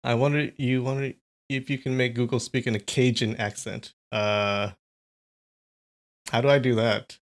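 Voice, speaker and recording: A man's voice: medium pitch, steady tone, measured pace. Chatty man hosting a live stream. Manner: chatty, amused, talks to chat. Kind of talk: casual live-stream chat.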